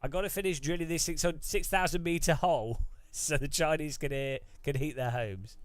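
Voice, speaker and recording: A man's voice: on the high side, normal speed, no echo, soft background music. A British man from the UK chatting casually while sim racing, rambling and joking with many restarts. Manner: rambling, joking, self-interrupting. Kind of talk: casual live-stream chat.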